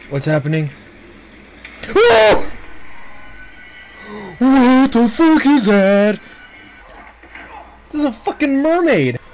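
A gamer who talks very slowly, with a voice that leaps and drops as scares hit, swearing in panic and laughing it off. Faint game ambience sits under the voice. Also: medium pitch, a little mellow, slight background noise, poor audio. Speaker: gameplay streamer. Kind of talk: casual let's play commentary.

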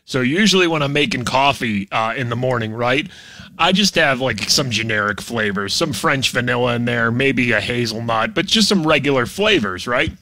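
A man's voice: medium pitch, lively intonation, normal speed, sharp tone. A man hosting a morning radio show from home, chatting casually and joking in mock promos while fighting a cough.

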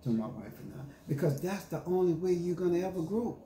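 A pastor delivers an emphatic sermon, reading scripture and then retelling it in casual slang. His voice sits a little high but sounds mellow and warm. The room is echoey, with faint ambient noise behind him. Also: expressive, fairly quick. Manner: preaching with scripture reading and call-and-response.

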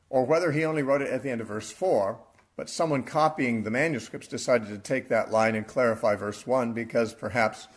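A man's voice: mid-range voice, slightly rough. A man giving an unscripted, verse-by-verse Bible teaching, explaining the text and correcting himself as he goes.

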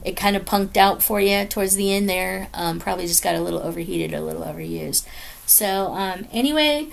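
A woman's voice: mid-range voice, a little fast, gravelly. A woman chatting casually as she unboxes a craft kit at home late at night, gushing and rambling with many ums and apologies. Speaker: crafting vlogger. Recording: noticeable background noise.

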